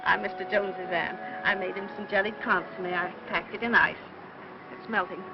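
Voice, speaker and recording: An actress playing a fussy, chattering older aunt who meddles and prattles on, in 1950s film acting. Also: female voice, medium pitch, steady tone, moderate pace, close to an everyday voice. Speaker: busybody aunt. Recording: muffled old film soundtrack with faint hiss.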